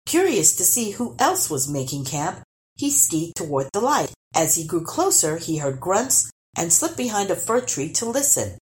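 A woman reading a children's storybook aloud, expressive and lively. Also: on the low side, moderate pace. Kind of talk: storybook read-aloud narration.

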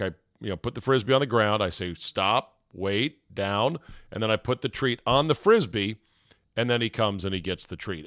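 A middle-aged man hosting a podcast, telling a story in a casual, animated way, swearing now and then and acting out his own yelling. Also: mid-range voice, no room sound, studio quality. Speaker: podcast host.

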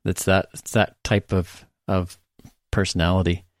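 A man hosting a podcast interview, speaking in a calm, thoughtful way. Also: low voice, measured pace, no room sound, studio quality. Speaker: podcast host. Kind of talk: casual interview.

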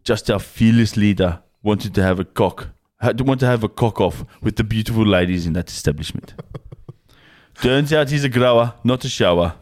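A man's voice: fairly low pitch, normal speed, a little mellow, natural voice. A man putting on an Afrikaans South African accent to voice a rowdy young rugby tourist, boisterously reading a listener's letter aloud for laughs. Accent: Afrikaans South African, put on. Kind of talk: comedic read-out in a put-on accent.

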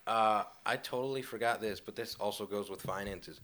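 A man's voice: lowish voice, moderate pace, fairly bright tone. A young man telling a faith testimony in a rambling, casual way, full of fillers and laughs.

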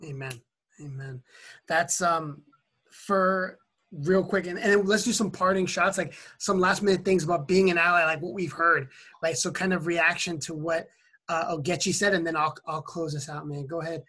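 Man, podcast host, loose and jokey, lots of fillers, bright edge, husky voice. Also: fairly high pitch, steady tone, normal speed. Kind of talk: casual panel discussion.

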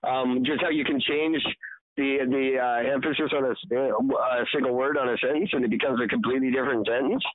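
A man's voice: mid-range voice, steady tone, fast, dry recording. A man co-hosting a podcast in loose, rambling casual chat, laughing often. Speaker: podcast co-host. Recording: tinny phone-like sound.

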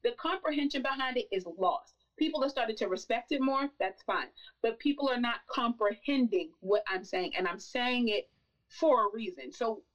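Woman, emphatic podcast talk, slightly high voice, somewhat distant from mic. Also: normal speed, dull audio. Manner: emphatic, building to forceful insistence. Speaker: podcast guest. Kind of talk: impassioned conversational talk.

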